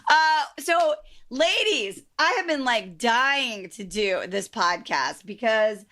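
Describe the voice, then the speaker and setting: A woman's voice: fairly high pitch, sing-song, slow pace, bright, forceful tone. A middle-aged woman from the American Midwest hosting a podcast, bubbly and chatty, sprinkling "like" and swearing freely. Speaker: podcast host and dating coach. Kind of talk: casual podcast chat.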